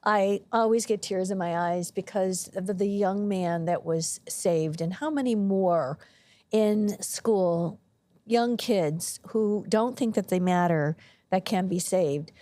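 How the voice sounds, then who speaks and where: A woman's voice: medium pitch, slow, warm tone, no room sound. Woman podcast host asking questions, engaged, dry close sound. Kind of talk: interview conversation.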